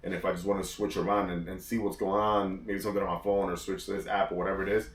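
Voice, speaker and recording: Co-host, very low male voice, easygoing and repetitive, far from the mic in an echoey room. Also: little pitch movement, quick pace. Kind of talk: casual chat. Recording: roomy echo, distant mic.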